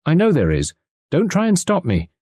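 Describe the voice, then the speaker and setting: A woman's voice: fairly low pitch, huge pitch swings, moderate pace, dark tone, husky, no echo, studio quality, pitched above the performer's own voice, heavily acted. A man reading an audiobook, voicing an impulsive, spirited young woman detective in a raised voice. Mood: determined. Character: spirited young woman sleuth, quick and bold.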